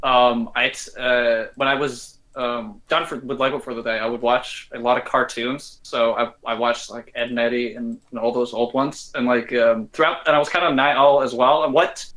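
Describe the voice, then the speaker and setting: A man's voice: mid-range voice, fairly even intonation, normal speed, few pauses, fairly bright tone, low-quality recording. A man from Norway, a podcast guest chatting casually in a rambling, self-interrupting way.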